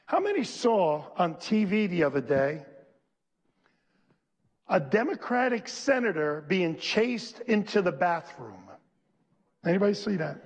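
A high, husky male pastor preaches at a slow, deliberate pace, calling on the congregation to repeat lines after him and climbing to shouted peaks. His voice rings with a long church reverb. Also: animated. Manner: emphatic call-and-response preaching, leading the congregation in repeating lines; slows and stresses key phrases, rising to shouts. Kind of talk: sermon.

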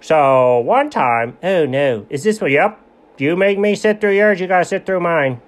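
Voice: mid-range voice, expressive, unhurried, natural voice. A performer voicing a boastful male cartoon dog who rambles through tall tales with dry sarcasm. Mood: storytelling. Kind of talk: comedic cartoon voice acting.

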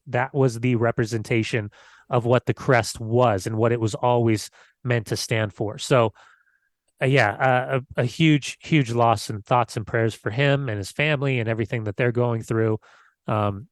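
An American man co-hosts a casual football podcast, chatting loosely and searching for words. His voice is mid-range, with no room sound.

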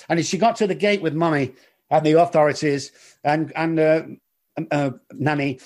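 Earnest, halting middle-aged man. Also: fairly high pitch. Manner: earnest, halting, repeats words. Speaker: guest in recovery. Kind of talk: emotional storytelling interview.

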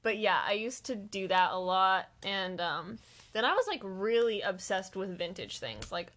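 Young woman rambling to a friend, bright voice, lots of likes and laughs. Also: medium pitch, big pitch swings, moderate pace. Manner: rambling, laughs often, many fillers. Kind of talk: casual chat between friends.

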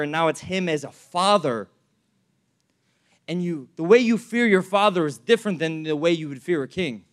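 Animated high-voiced young male pastor. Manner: animated, acts out anecdotes, many fillers. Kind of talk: sermon with storytelling.

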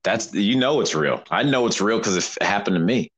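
A man, a guest, telling a story in casual interview talk, animated and rambling with many restarts. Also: on the low side, fairly quick.

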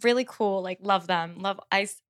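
A young woman musician talking as a podcast guest. She is blunt, profane and animated in how she tells her story. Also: medium pitch, moderate pace. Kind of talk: casual podcast interview.

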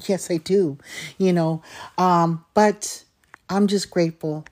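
A woman's voice: lowish voice, fairly even intonation, takes it slowly, darkish tone. A middle-aged woman hosting a podcast, talking in a heartfelt, personal way and often saying "you know". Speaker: podcast host. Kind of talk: personal reflective talk.

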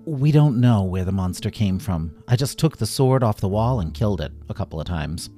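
A man voicing a bossy young fairy girl who sticks to the rules, soft and matter-of-fact. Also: lowish voice, lively intonation, moderate pace, faint music behind, natural voice. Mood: stern.

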